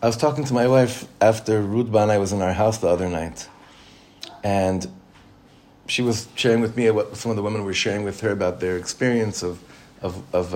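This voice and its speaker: Informal rabbi teaching a class. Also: male voice, on the low side, a little mellow. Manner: conversational, repeats phrases for emphasis, chuckles often.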